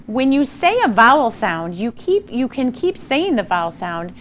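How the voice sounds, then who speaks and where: Woman teacher from new doing a phonics lesson for little kids, slow, lots of praise, faint hiss behind. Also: fairly high pitch, big pitch swings. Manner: slow, encouraging, exaggerated sounding-out of words. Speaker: primary school teacher. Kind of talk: phonics lesson for young children.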